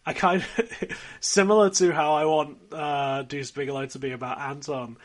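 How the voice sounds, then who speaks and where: A man co-hosting a film review podcast, chatting casually with a dry, wry manner and trailing off quietly at the ends of thoughts. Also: a little high, fairly even intonation, moderate pace. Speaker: podcast co-host.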